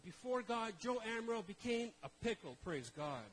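Animated high-voiced male preacher. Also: normal speed, rough recording. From Canada. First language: Portuguese. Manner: joking, animated storytelling. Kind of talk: humorous sermon.

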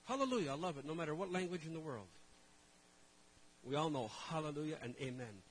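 Brief: male preacher, storytelling sermon, lively, voice a bit high, faint hum behind. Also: fast talker, poor audio. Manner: animated, swings from hushed asides to loud acted-out quotes. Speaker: pastor.

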